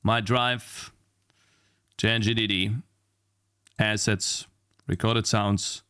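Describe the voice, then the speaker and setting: A man's voice: on the low side, fairly even intonation, slow, a bit bright, clean tone. A man streaming while he works on his game, talking casually, frustrated, swearing and muttering at his computer. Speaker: indie game developer streamer. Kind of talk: casual live-stream talk while working. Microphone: streaming mic at a desk.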